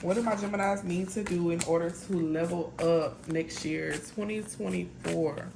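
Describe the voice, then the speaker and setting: A woman's voice: lowish voice, fairly even intonation, moderate pace, creaky, noisy background. A woman doing a casual tarot reading, chatty and blunt, talking straight to her viewers. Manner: chatty, blunt, lots of "y'all" and "like". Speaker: tarot reader.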